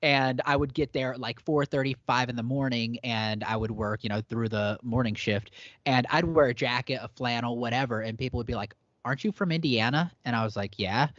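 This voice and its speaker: A man's voice: medium pitch, fairly even intonation, a little fast, fairly bright tone, no room sound. A man hosting a podcast, talking casually in a chatty, filler-heavy way and laughing easily. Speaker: podcast host. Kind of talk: casual chat. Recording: dry, slightly dull podcast audio.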